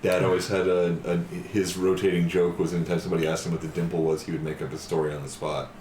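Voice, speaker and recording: Very deep-voiced man chatting casually. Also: flat delivery, quick pace, a little mellow, a little hiss or hum. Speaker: player. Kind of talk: casual chat. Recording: echoey room with chatter behind.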